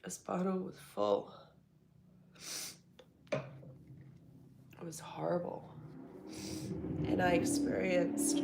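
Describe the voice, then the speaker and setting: A young woman hosting a casual livestream, hoarse, congested and tired from the flu. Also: fairly low pitch, very noisy. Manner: slow, drowsy talk, reading chat aloud. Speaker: livestream host.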